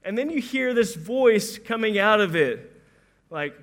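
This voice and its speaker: High-pitched male preacher, chatty and animated, acts out quotes, stumbles into his sentences. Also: unhurried. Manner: conversational, animated, acts out quoted voices, repeats words when starting sentences. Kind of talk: sermon.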